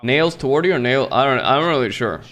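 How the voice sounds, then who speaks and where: A man's voice: mid-range voice, animated, fast, fairly bright tone. A man streaming and chatting casually while commentating a game, joking loosely and swearing freely.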